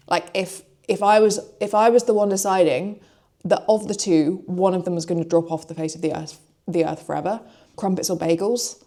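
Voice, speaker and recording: A woman's voice: lowish voice, darkish tone. A young British woman, an online fitness coach, chatting casually and rambling in a day-in-the-life vlog, swearing now and then.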